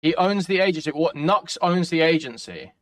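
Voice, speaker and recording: Male streamer, ranting, profane, sardonic, slightly high voice. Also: normal speed, fairly bright tone, slight background noise. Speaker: commentary streamer. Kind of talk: live-stream reaction commentary.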